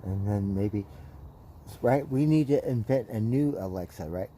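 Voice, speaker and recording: A man's voice: on the low side, a little slow, warm tone, slight background noise, poor audio. A man hosting a casual livestream, rambling playfully and tagging his lines with "right?". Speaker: livestream host. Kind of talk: casual live-stream chat.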